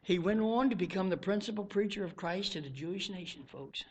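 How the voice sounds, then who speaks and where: A man preaching a sermon as pastor, swinging from loud outbursts to hushed asides, who grew up in the American South. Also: sits high, a little fast.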